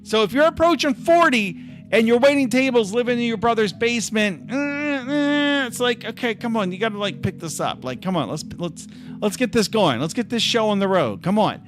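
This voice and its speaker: A man's voice: extremely high pitch, expressive, normal speed, faint music behind. A man hosting a livestream, telling a story in a casual, chatty way with lots of filler words and the odd swear. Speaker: livestream host.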